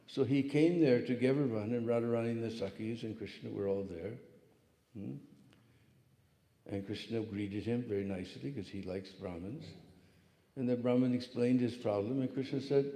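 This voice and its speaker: A spiritual lecturer tells a devotional story with animation, frequently pausing to toss out a quick "hmm?". His mellow voice is medium-pitched, in the middle of the male range. The recording carries the long, echoey reverb of a big hall.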